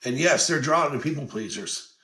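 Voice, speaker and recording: A man's voice: fairly high pitch, animated, normal speed, bright, forceful tone. A man hosting a podcast, giving casual motivational talk in a blunt, earnest way, swearing freely and circling back over his points. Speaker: podcast host.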